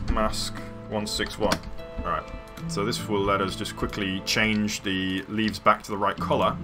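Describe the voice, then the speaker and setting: A man streaming a building game, chatting casually with viewers in a rambling way full of fillers. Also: on the low side. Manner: rambling, many fillers, chuckling to chat. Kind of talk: casual live-stream chat while playing.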